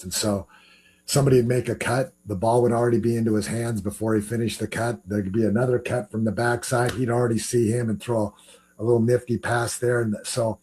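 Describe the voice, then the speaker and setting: Low mellow-voiced former basketball pro. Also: male voice, husky. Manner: relaxed storytelling, repeats words as he goes. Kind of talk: casual interview talk.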